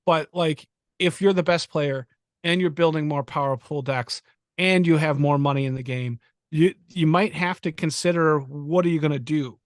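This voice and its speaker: A man's voice: fairly high pitch, normal speed, no room sound, clean studio sound. A man co-hosting a casual podcast chat, thinking aloud, repeating words as he starts, and chuckling. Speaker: podcast co-host.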